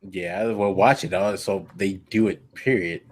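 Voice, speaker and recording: A man's voice: sits low, measured pace. A man hosting a podcast, chatting casually with teasing, laid-back banter. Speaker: podcast host. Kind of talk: casual chat.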